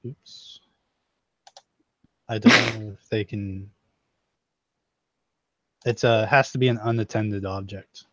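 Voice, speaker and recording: A young man narrating as game master, laughing as he quotes characters in quick snatches. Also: on the low side, steady tone, pushed and bright, no room sound. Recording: dull, dry lo-fi recording.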